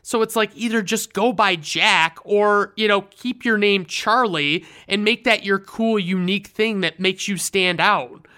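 A sarcastic, profane host recaps an old special in casual commentary. The voice is bright and crisp, with a smooth, clean tone. The asides land deadpan and dry. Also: mid-range voice, unhurried, few pauses.

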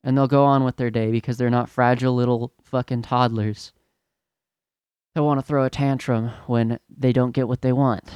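A man's voice: medium pitch, little pitch movement, normal speed, a little mellow, smooth, dry recording, lo-fi sound. A young man hosting a podcast, telling a story in a profane, exasperated rant. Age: young adult. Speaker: podcast host. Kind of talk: ranting storytelling monologue.

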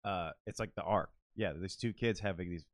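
A lowish-voiced man on a podcast, talking casually and recounting a story in long, rambling runs packed with "like" and swearing. The sound is dry and close, with no room around him. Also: normal speed, no echo. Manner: rambling, filler-heavy, profane storytelling. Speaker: podcast co-host.

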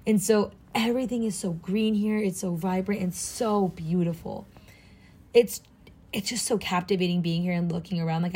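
A young adult American woman from Southern California, studying abroad, chats casually for a vlog in a lowish, slightly mellow voice. She's bubbly and gushing, says "like" constantly, and sounds tired and jet-lagged.

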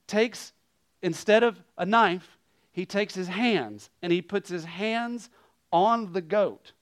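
Storytelling from the pulpit, this guest pastor, a man whose voice sits high, moves animatedly from booming emphasis to quiet asides during his sermon.

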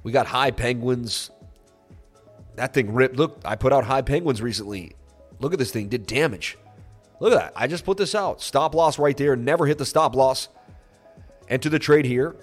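A man of ordinary pitch hosts a trading livestream, talking loosely and emotionally. His nose is stuffy from crying, and he turns salesy and boastful. Soft music plays faintly underneath. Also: moderate pace. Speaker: crypto trading livestream host. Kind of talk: emotional, rambling live-stream talk.

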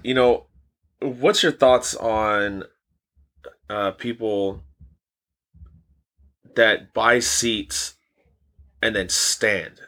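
A man's voice: fairly low pitch, drawn-out words, pauses often, a bit bright. A young man co-hosting a podcast in casual chat, laid-back, swearing a lot and laughing often. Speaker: podcast co-host.

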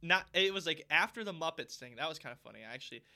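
A young man co-hosting a podcast in casual chat, rambling with lots of fillers and getting loud when excited. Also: fairly high pitch, fast talker. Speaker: podcast co-host.

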